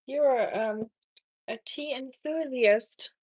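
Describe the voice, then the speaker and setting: A woman's voice: high voice, slow pace, darkish tone, slightly rough. A young woman hosting a casual cooking live stream, chatting with viewers and reading their messages aloud, from Germany. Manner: chatty, reads chat aloud, frequent ums.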